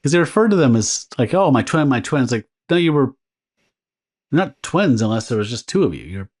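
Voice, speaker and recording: A man's voice: mid-range voice, sing-song, brisk, a little mellow. Guy on a podcast going over a comic, loose and rambly, laughs a lot, lots of ums. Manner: rambling, laughs often, frequent fillers. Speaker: podcast co-host. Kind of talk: casual comic book discussion.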